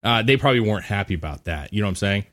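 A man in his thirties hosting a podcast in casual chat, an excitable storyteller who swears and says "dude" and "bro". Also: lowish voice, very fast. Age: 30s. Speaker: podcast host.

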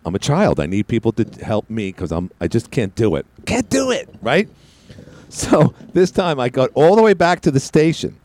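Rambling, self-mocking male radio host. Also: a little hiss or hum. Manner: rambling, self-mocking storyteller with lively pitch swings. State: a little out of breath. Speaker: radio talk show host. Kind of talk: casual radio monologue.

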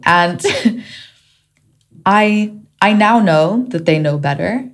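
A woman's voice: medium pitch, animated, drawn-out words, pauses often. A woman from Kenya whose accent shifts between Kenyan and British, hosting a solo podcast in a reflective, candid manner. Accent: shifting mix of Kenyan and British. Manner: reflective and candid, warming to playful. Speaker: podcast host.

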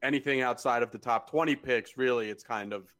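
A man co-hosts a casual sports podcast, speaking bluntly and analytically and swearing freely. His mid-range voice is brisk and a bit bright.

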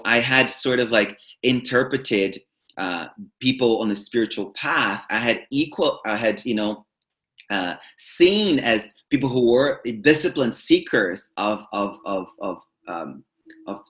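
A man, a spiritual teacher and author, telling his story as a guest in an interview, expressive and animated, often restarting his words. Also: lowish voice.

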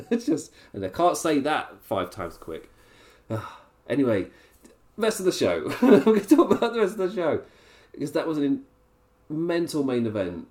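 A man's voice: on the high side, huge pitch swings, moderate pace, darkish tone. A man giving a rambling, casual live review, laughing often. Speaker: wrestling reviewer, livestream host.

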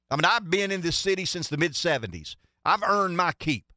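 A man's voice: on the high side, lively intonation, brisk, few pauses, pushed and bright, no echo, studio quality. A man giving emphatic political commentary on a talk show, stacking rhetorical questions and repeating himself for emphasis.

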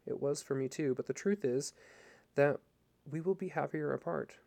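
A man reading as a wife ending her marriage, soft and measured. The voice is low-toned, gravelly and warm. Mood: regretful.

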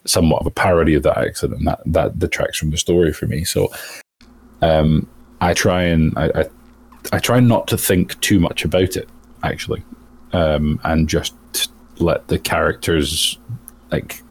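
A man talking as a voice actor guest in a casual interview, thoughtful and halting, often restarting his sentences. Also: very deep voice, vocal fry, slightly rough. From outside the United States.

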